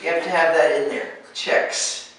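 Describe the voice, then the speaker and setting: A woman's voice: low voice, animated, takes it slowly, a bit bright, heavy reverb, distant mic, slight background noise, poor audio. An American woman teaching pronunciation, patiently modeling words and repeating them for her students. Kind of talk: pronunciation coaching.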